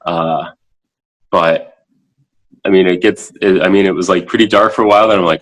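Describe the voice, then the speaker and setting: Low-voiced man in his thirties, halting. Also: poor audio. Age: 30s. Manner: halting, heavy with filler words, animated when quoting himself. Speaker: podcast guest. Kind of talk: casual interview talk. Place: home, in a child's room.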